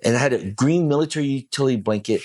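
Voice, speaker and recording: A man's voice: mid-range voice, animated, fast, a little mellow, dry recording. A man guesting on a podcast, telling an intense personal story with emphatic, profane speech. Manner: intense, emphatic, swears freely.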